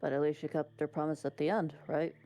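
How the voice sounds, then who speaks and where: Woman voicing a soft, hesitant young man. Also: low voice, little pitch movement, fast, soft background music. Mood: concerned. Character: gentle caring young man, worried companion.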